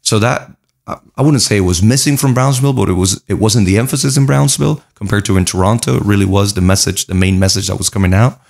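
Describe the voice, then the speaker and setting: A man's voice: lowish voice, fast, vocal fry, a little mellow. A man from Puerto Rico, a pastor, telling his story earnestly in a casual interview. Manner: earnest, storytelling, lists things in runs.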